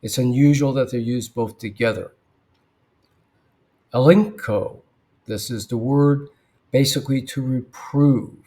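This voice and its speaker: A man teaching biblical Greek verse by verse, thoughtful, with frequent fillers and throat clearing. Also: mid-range voice, a little slow, pauses often, dark tone.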